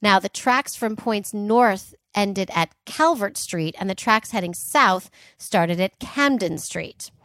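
Podcast co-host, woman, casual storyteller, mid pitch, dry close sound. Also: slow pace, hardly any pauses, fairly bright tone, no room sound. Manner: chatty, jokey, fillers and asides.

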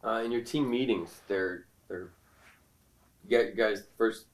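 Halting male interviewer, off-mic. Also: on the low side. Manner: halting, restarts his questions. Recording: distant off-mic voice.

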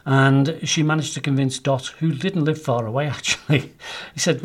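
A man's voice: mid-range voice, fairly even intonation, moderate pace, hardly any pauses. A man co-hosting a podcast, telling a long story in a chatty, rambling way with many fillers. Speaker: podcast co-host.

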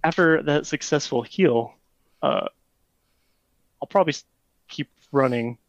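A man's voice: a little high, measured pace, gravelly, dry recording. A man playing a character in a tabletop role-playing game, joking casually and thinking his moves through aloud. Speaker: player. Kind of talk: tabletop role-play chat.

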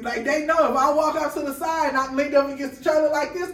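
A woman's voice: sits high, brisk, hardly any pauses, a bit bright, distant mic. A woman guest on a podcast, telling a story in casual chat and acting out the dialogue with quoted voices. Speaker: guest, food truck owner. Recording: roomy sound from off-mic.

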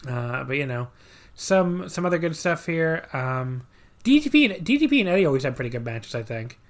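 A man's voice: a little high, big pitch swings, normal speed. A man co-hosting a podcast, casually recapping a wrestling match with dry sarcasm and many fillers.

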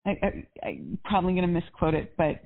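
A woman's voice: on the low side, sing-song, a little fast, vocal fry. A woman life coach on a coaching call, chatty and upbeat, with lots of casual fillers. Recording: tinny phone line.

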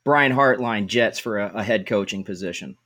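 A man co-hosting a sports podcast in a relaxed, easygoing chat. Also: fairly low pitch, normal speed. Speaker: podcast co-host.

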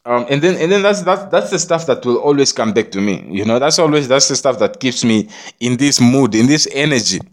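A man's voice: medium pitch, expressive, brisk. A man rambling to his viewers in a preachy monologue, repeating himself and often asking if they understand him. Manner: rambling, repetitive, preachy, swears, keeps asking "you understand me?". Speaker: vlogger.

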